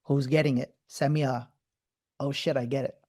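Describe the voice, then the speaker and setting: Host, male, live spiritual talk; excitable, swears freely, rapid repeated yeses. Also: medium pitch. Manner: animated, profane, repeats words in bursts.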